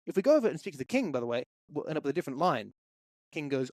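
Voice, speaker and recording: A man's voice: fairly high pitch, sing-song, rapid-fire, darkish tone, dry recording. A man walking through a game development tutorial, explaining each step steadily into a close microphone. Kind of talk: screen-recorded tutorial.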